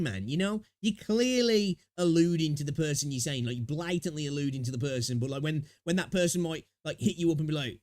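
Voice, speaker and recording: A man's voice: a little high, lively intonation, quick pace, few pauses, a little mellow, no echo. A man streaming live, chatting casually in a rambling, sweary way on a close desk mic. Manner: rambling and sweary, many fillers.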